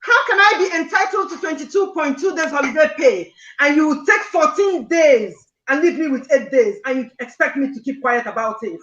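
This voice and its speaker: A woman's voice: high voice, expressive, normal speed, few pauses, a bit bright, roomy sound, lo-fi sound. A woman caller on a live call-in show, earnestly recounting a distressing personal dispute and sometimes near tears. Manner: distressed, earnest, repeats points insistently.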